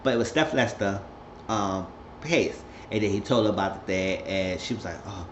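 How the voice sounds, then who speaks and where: A man with a fairly low voice talks at a moderate pace over a noisy background, vlogging a loose, rambling recap as casual chat and slipping into voices for the characters. It sounds like a roomy, lo-fi home recording.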